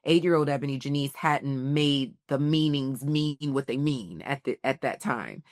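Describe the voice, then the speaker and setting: A woman's voice: very deep voice, normal speed, no room sound, studio quality. A woman in her forties, a podcast guest telling personal stories with lots of laughter and acted-out quotes. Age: 40s. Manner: animated storyteller, laughs often, acts out quotes. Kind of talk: casual storytelling interview.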